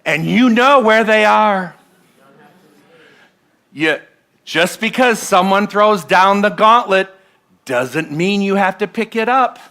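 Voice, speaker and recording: Bright-voiced man giving a sermon. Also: sits high, animated, slow, long pauses. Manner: conversational, asks the congregation questions. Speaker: minister. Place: church sanctuary.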